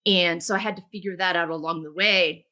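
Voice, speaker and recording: A woman hosting a podcast, talking conversationally and stressing key words with animated rises. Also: lowish voice, fairly quick. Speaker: podcast host.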